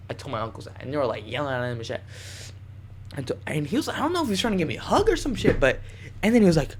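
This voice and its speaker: A young man vlogging, telling a wild story in casual slang with plenty of swearing and animated bursts. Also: medium pitch, fast.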